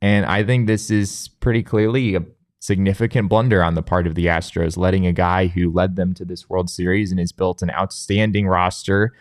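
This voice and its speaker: Low-voiced man talking baseball. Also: normal speed, no room sound, studio quality. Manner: animated, with frequent restarts and filler "like". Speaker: sports talk show co-host. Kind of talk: casual sports talk.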